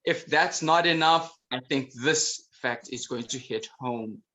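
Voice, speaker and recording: A man's voice: mid-range voice, measured pace, sharp tone. A man hosting an online conference, introducing segments and quizzing his co-host in a playful, exclamatory way. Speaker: event host. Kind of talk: enthusiastic emcee patter.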